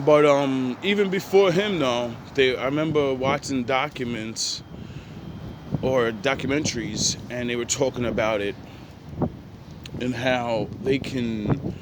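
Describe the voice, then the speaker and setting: Young man, vlog monologue, slow unhurried delivery with frequent laughs, noisy street around him. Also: medium pitch. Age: young adult. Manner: laughs often, swears freely, drifts off topic. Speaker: vlogger. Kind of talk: rambling storytelling monologue.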